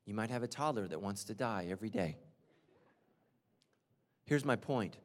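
A man preaching a sermon as pastor, moving between loud outbursts and quiet confession, with humorous asides. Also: fairly low pitch, expressive, moderate pace. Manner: humorous asides and acted-out quotes. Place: large church auditorium. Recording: long reverb of a large hall.

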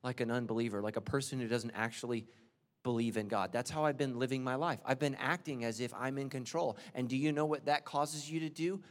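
A male pastor preaching a sermon, mid-pitched and conversational, with dry humor and sudden bursts of volume. He drops to quiet, confessional tones between the loud moments. The long reverb of a large church auditorium trails each phrase. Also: steady tone, a little fast. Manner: humorous asides and acted-out quotes.

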